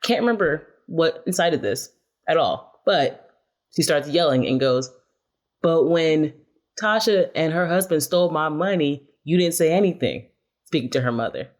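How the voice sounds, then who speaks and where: A woman's voice: low voice, moderate pace. A woman chatting on a podcast as a music correspondent, retelling reality show drama and acting out the quotes. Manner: animated storytelling, acts out quotes. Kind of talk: casual podcast chat. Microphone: studio microphone.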